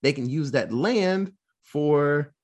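A man casually recapping a film plot, swearing freely and acting out the characters' lines in quick put-on voices. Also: on the high side, animated. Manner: loose, profane, acts out quotes in quick voices. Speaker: podcast host recapping a film. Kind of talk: casual chat.

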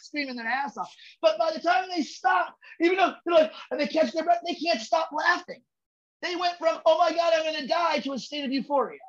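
A male comedian guest on a podcast, talking in a profane, emphatic way, building rhythm and bursting into shouts for emphasis. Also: very high voice, brisk, dull audio. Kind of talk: casual podcast chat.

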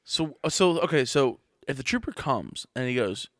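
A man's voice: medium pitch, lively intonation, moderate pace, fairly bright tone, dry recording, clean studio sound. A young man hosting a casual podcast, asking eager questions and often repeating words as he talks. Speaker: podcast host. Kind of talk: casual chat.

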